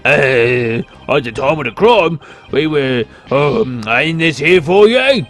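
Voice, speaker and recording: A man's voice: a little high, animated, slow, a bit bright, faint music behind. A man voicing a sheepish, folksy male sidekick in a video game who talks hesitantly. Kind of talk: reading game dialogue aloud.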